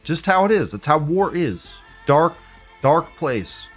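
A man's voice: a little high, sing-song, slow pace, husky, faint music behind. Profane, sardonic man ranting on a live stream. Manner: profane, sardonic, laughs often. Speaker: live-stream host reading viewer comments. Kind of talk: casual live-stream rant.

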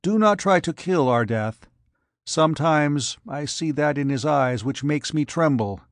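A man's voice: fairly high pitch, lively intonation, measured pace, dry recording, clean studio sound, pitched above the performer's own voice. A man reading aloud, voicing a fearful young woman who pleads and trembles. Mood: frightened. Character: young frightened woman companion.

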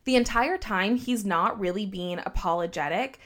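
A woman telling a story on a casual podcast, animated and quoting others in her own voice. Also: mid-range voice, normal speed. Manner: animated, heavy use of "like", quotes people in her own voice.

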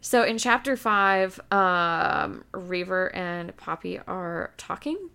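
A woman speaks slowly and carefully in a casual book discussion, politely raising questions. Her voice is lowish for a woman, with a lot of vocal fry. It still comes across bright and smooth. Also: lively intonation. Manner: unhurried and polite, asks questions. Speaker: book podcast co-host.

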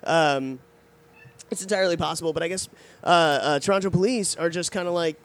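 A man's voice: fairly high pitch, brisk. A man in casual podcast chat, reading out a news story with laughs and asides. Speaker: podcast co-host.

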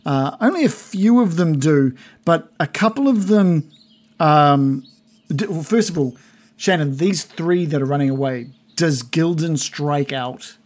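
A man's voice: on the high side, lively intonation, measured pace, a little mellow. A man running a tabletop game as game master, narrating in a rambling, giggly way with many fillers.

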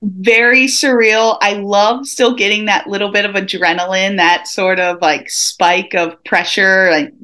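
A woman talking casually as a guest, lively and laughing often as she acts out quoted remarks. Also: medium pitch, unhurried, hardly any pauses. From United States. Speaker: guest, rugby commentator. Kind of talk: casual interview chat.

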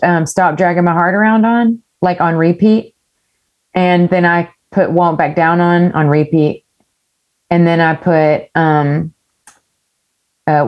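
A woman's voice: fairly low pitch, a little mellow. A woman singer-songwriter telling a story in a casual interview, candid and rambling, with the odd curse word. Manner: candid, rambling storyteller who swears freely.

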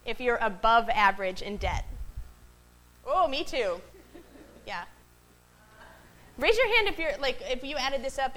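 A woman's voice: fairly high pitch, fairly bright tone, low-quality recording. A woman pastor gives a conversational sermon to a congregation in a worship space. She often asks the room questions and checks in with "right?" between points.

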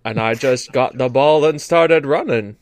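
A man voicing a simple, slow-talking man with a put-on Deep South accent and a low drawl. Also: close to an everyday voice. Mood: earnest.

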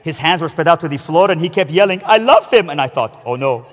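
A man's voice: on the high side, fast talker, long reverb tail. A man preaching a sermon, telling his story with animation and acting out the voices of the people in it.

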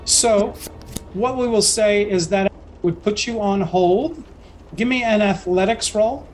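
A man with a notably high voice runs a tabletop game as game master. He narrates the action and explains rules patiently, often restarting his sentences. Faint music plays behind him. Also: slow. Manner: relaxed and explanatory, with self-corrections.

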